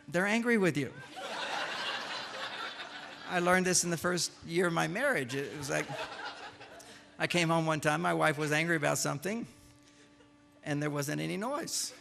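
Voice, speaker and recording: Older man, humorous lecture, gravelly, fairly high voice, animated. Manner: animated storyteller, acts out quoted lines with laughs. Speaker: speaker giving a talk. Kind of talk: humorous lecture to a live audience.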